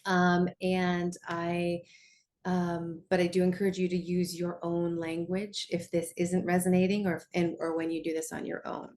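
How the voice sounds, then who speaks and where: A woman's voice: lowish voice, level tone, darkish tone, slight background noise. A woman coach leading a guided lesson in a conversational way, often checking in with her listeners. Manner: slows down to guide tapping.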